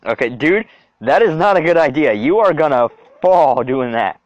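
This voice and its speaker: Animated young man, dull lo-fi sound. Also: a little high, normal speed, dry recording. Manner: animated, exclaiming, talks to himself. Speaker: video creator. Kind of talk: reaction commentary. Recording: dull lo-fi dry recording.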